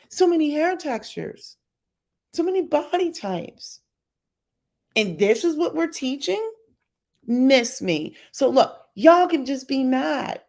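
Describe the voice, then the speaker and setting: Blunt high-voiced woman. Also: darkish tone. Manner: blunt and emphatic, talks straight to viewers. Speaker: vlogger. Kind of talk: opinionated commentary to camera.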